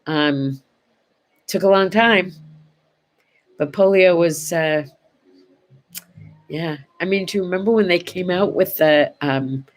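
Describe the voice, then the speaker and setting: An older woman hosting a casual morning chat show, talking chattily to her viewers and going soft on sad memories. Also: lowish voice, slow pace, pauses often. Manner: chatty, warm-hearted, goes quiet and soft on sad memories. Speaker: host.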